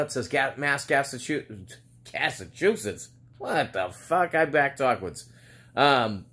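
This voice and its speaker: Fairly high and a bit bright, this man's voice carries a Boston accent as he delivers a storytime rant on video. The vlogger sounds exasperated and sarcastic, swearing constantly through the ranting monologue.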